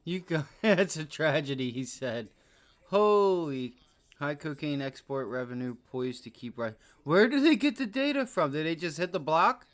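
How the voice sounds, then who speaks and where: A man's voice: a little high, lively intonation, moderate pace. A man hosting a live day-trading stream, chatting casually and joking between exclamations. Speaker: day trading livestream host. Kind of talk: casual live market commentary.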